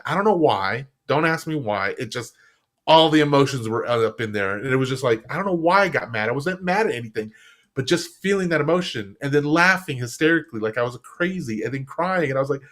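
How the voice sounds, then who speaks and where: A man, a guest on a live stream show, chatting casually and acting out the quotes in his stories. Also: a little fast. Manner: animated storyteller, acts out quotes with big pitch jumps. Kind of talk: casual interview chat. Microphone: live stream setup.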